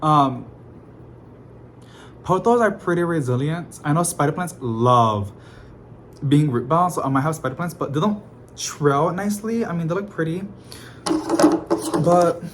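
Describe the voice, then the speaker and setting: A young man talking in a rambling, expressive, sassy way, laughing often, in a casual vlog at home. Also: fairly high pitch, normal speed, pauses often, a little hiss or hum. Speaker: plant vlogger. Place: home apartment, indoors.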